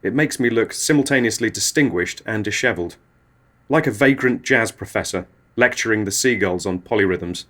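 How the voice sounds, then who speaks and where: A man's voice: fairly low pitch, normal speed, a bit bright. A man, host of a comedy show, telling absurd surreal stories in a dry, matter-of-fact way. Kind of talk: absurdist comic monologue.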